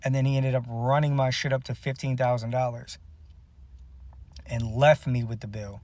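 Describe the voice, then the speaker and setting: A man's voice: mid-range voice, little pitch movement, normal speed, darkish tone, no echo. A man and musician telling a personal story to camera in a blunt, bitter, profane way. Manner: bitter, aggrieved retelling.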